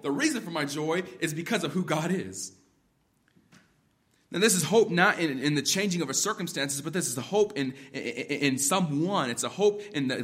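A man preaching an expository sermon, moving between quiet reflection and emphatic exhortation. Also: a little high. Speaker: pastor.

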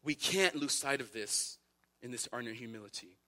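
A man's voice: mid-range voice, expressive, normal speed, pushed and bright. A man preaching a sermon as pastor, repeating phrases and building to impassioned emphasis.

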